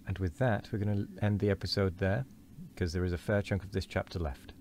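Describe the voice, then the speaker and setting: A man with a very deep voice reads a classic novel aloud at a measured pace, then chats briefly and casually to his viewers. A faint background hum sits under his voice. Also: steady tone, a little mellow. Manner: measured reading, casual sign-off. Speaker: game streamer reading a book aloud.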